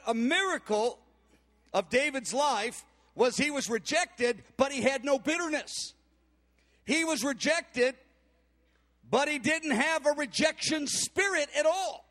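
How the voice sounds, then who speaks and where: A man delivers a sermon in a strikingly high voice, retelling a Bible story with animated energy. He slips into the voices of the characters as he goes. His voice carries a long reverb, as if filling a large church hall. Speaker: preacher.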